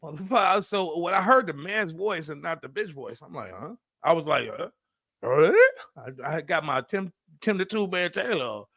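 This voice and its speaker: A high, gravelly male voice that swoops up and down as he tells his stories, acting out the people in them. He talks in a bright, sharp tone, with loose, profane podcast banter, recorded dry and close. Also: moderate pace, no room sound. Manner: animated storytelling, profane, acts out voices. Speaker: podcast co-host. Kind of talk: casual chat.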